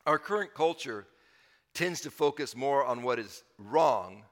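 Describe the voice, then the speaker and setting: A man's voice: medium pitch, expressive, unhurried, in a large hall. A man preaching a sermon as pastor, emphatic and repeating his key phrases for the congregation.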